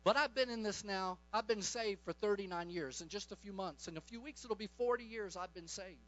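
A middle-aged male preacher delivering a charismatic sermon in a high voice. His tone is bright and sharp, fervent and commanding. The recording sounds dull and lo-fi. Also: fairly quick.

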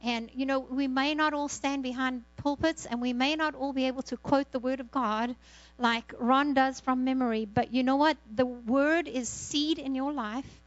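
A fervent woman pastor exhorts her congregation, repeating key words and dropping frequent amens. Her voice sits fairly high. The recording is close and dry, with a dull, lo-fi sound. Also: fairly even intonation, normal speed, no room sound. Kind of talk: church exhortation and prayer.

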